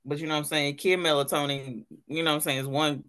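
Bright-voiced frank woman telling a story. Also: low voice, steady tone, fast. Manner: storytelling, frank, swears freely. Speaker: podcast co-host. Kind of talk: casual chat.

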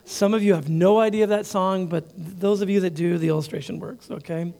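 A man preaching a sermon in a conversational way, with quick asides and repeated words. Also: sits high, vocal fry, darkish tone. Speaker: pastor.

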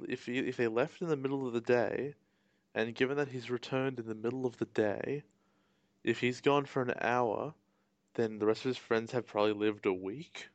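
A man's voice: mid-range voice, dry recording. A young man co-hosting a casual podcast, adding wry, skeptical asides. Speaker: podcast co-host. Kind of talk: casual chat.

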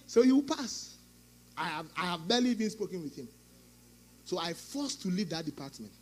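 A middle-aged male pastor preaching a sermon, swinging between loud outbursts and quieter asides, acting out quoted speech. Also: sits high, very animated, fairly quick, slight background noise.

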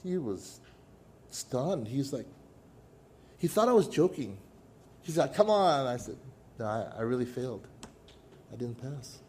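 A middle-aged man preaching a sermon, telling a personal story with dramatic pauses and sudden drops to a hush. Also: mid-range voice, animated, slight background noise. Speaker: pastor.

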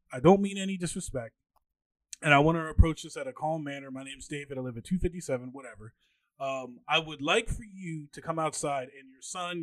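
A man in his twenties hosting a podcast, telling stories in a casual, animated way and acting out what other people said. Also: no echo. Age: 20s. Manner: animated, acts out quoted people with jumps in pitch. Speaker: podcast host. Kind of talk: casual storytelling monologue.

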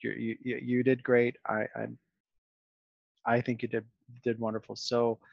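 A male podcast host talks casually and reflectively, with plenty of fillers and restarts. His voice is gravelly, heard in a dry, muffled, lo-fi recording. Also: medium pitch, completely flat delivery, unhurried, dry recording. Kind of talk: casual conversational interview.

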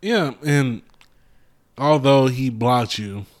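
Man, casual co-host, mid-pitched voice, relaxed and measured. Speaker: podcast co-host. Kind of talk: casual chat.

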